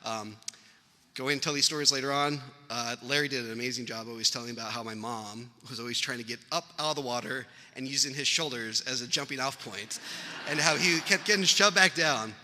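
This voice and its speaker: Bright-voiced man giving a eulogy. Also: mid-range voice, a little fast, in a large hall. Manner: rambling, anecdotal, with chuckles. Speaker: family member giving a eulogy. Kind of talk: funeral eulogy storytelling. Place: funeral venue hall.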